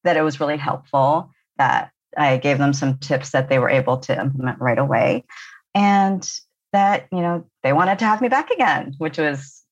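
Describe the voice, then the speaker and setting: A woman's voice: low-pitched, normal speed, dull audio. A woman guest on a business podcast, answering modestly about her speaking experience and laughing often. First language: not Japanese; speaks to Japanese audiences. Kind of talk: interview answers.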